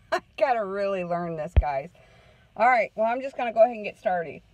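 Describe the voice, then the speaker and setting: A woman's voice: mid-range voice, animated, brisk, highs cut off, background noise. A woman counselor telling a story in casual talk to a group, often checking in with "okay?". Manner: chatty storytelling, keeps asking "okay?". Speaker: parenting counselor.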